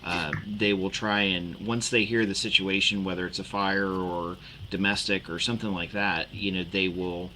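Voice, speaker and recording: Low voiced guy, bright crisp tone, chill podcast cohost, faint hiss. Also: little pitch movement, moderate pace, poor audio. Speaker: co-host and disaster chaplain. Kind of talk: casual podcast conversation.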